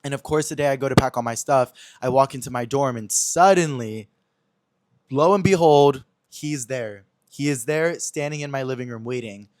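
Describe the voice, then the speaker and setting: A man's voice: mid-range voice, normal speed, darkish tone, dry recording. A young man hosting a podcast, telling a personal story in a chatty, dramatic way full of slang and acted-out dialogue. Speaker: podcast host. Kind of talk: casual storytelling chat.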